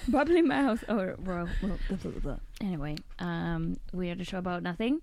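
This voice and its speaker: A woman's voice: lowish voice, a little fast, creaky, darkish tone, a little hiss or hum. A woman from Spain with a Spanish accent, co-hosting a casual podcast chat and laughing often. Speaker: podcast co-host.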